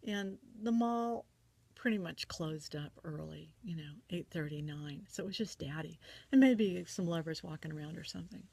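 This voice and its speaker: A woman gently telling a personal family story, reminiscing in a soft, often breathy voice. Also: fairly low pitch, moderate pace, no echo.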